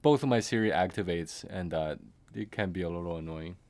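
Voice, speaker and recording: Talking fairly quickly in a low, darkish voice, a man offers casual live-stream commentary on a game. He rambles and often drifts into muttered asides and soft chuckles.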